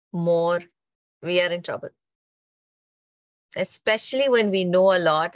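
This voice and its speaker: A woman telling a religious story in a lively, conversational way, often checking in with her listeners. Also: fairly low pitch, no echo. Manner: animated, conversational, frequent "right?" tags. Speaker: spiritual storyteller. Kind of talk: storytelling talk on mythology.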